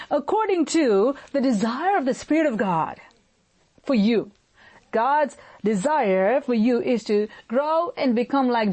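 A woman's voice: sits high, a little mellow. A woman pastor preaching a sermon, emphatic, repeating her key lines for emphasis.

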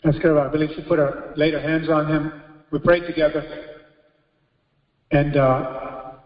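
Man, pastor, emphatic sermon, high voice, roomy echo, dull lo-fi sound. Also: little pitch movement, a little slow. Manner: emphatic preaching, exclaiming hallelujah. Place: church hall. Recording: echoey hall, dull lo-fi audio.

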